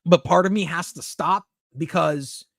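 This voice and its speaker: A young man talks casually to his live-stream chat, reading messages aloud and answering them with candid, swear-laden replies. His voice sits a little high for a man. The sound is dry and close, with no room echo. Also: measured pace, gravelly, a bit bright.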